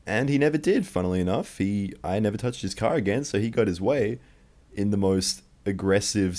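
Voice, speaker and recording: A man's voice: fairly low pitch, darkish tone. A young man telling a true childhood story in one take, rambling and profane.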